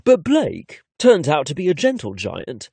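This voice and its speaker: A man narrating a first-person romance audiobook in a cheeky, expressive way. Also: fairly high pitch, measured pace, vocal fry, breathy edge, no room sound.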